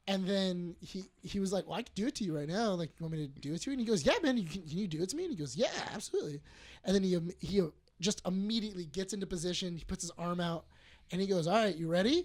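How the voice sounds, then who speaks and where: A podcast co-host telling a long, fast-paced anecdote in casual chat. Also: medium pitch, lively intonation, a little mellow.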